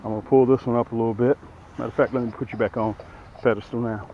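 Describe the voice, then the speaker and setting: A man's voice: medium pitch, steady tone, racing, muffled recording, slight background noise. Folksy middle-aged man demonstrating outdoors. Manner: folksy, talks straight to viewers while working. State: out of breath from lifting. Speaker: boat dealer demonstrating a boat. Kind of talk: casual how-to demonstration. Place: outdoors by the water.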